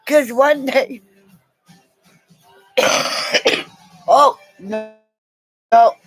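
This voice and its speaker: A woman's voice: high-pitched, extremely slow, soft background music. A middle-aged woman telling a meandering personal story in a casual way, laughing often and swearing freely.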